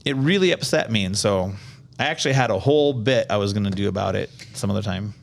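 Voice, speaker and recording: A man from Iowa hosting a podcast, talking casually in an animated, rambling, opinionated way. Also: fairly low pitch, quick pace, gravelly, a little hiss or hum. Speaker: podcast host. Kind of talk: casual chat.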